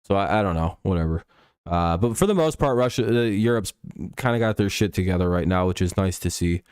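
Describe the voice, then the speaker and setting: A man's voice: deep voice, lively intonation, brisk, darkish tone, clean tone, no room sound, studio quality. A man hosting a casual live stream, rambling and swearing freely, with chuckles and frequent restarts. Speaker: stream host.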